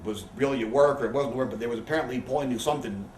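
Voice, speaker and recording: Guy rattling off wild backstage stories quick, cussing a lot, sounds far from the mic in an echoey living room. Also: mid-range voice. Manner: profane, rambling anecdotes with quoted voices. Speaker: interview guest. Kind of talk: candid storytelling. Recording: roomy, distant, faint background hiss.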